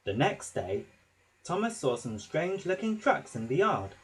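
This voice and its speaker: A man narrating a children's story with a slow, expressive reading. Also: fairly high pitch, poor audio.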